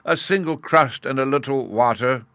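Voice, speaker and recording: A man voicing a frail, dignified old beggar who pleads meekly and slowly. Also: medium pitch, pushed and bright, clean tone, no room sound, studio quality, voice pushed up. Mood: pleading. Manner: pleading, slow, meek.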